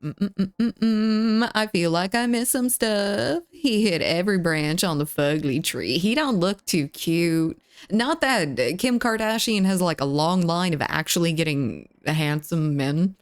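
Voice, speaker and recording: A young adult woman casually chatting on a live stream, greeting viewers and reading chat, her voice a little rough. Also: on the low side, no room sound, studio quality. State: slightly rough voice.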